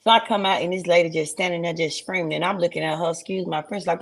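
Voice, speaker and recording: A woman, a guest telling a story in a lively, animated way with easy laughter. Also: fairly low pitch, quick pace, creaky. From Mississippi Delta, USA. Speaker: guest musician. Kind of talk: casual interview chat.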